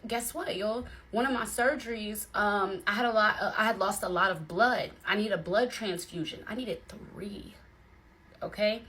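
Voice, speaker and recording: Young woman, animated storytelling, bright tone, says y'all a lot. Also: mid-range voice. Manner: chatty, animated, addresses viewers as y'all. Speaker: vlogger telling a personal story. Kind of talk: casual storytime chat. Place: bedroom.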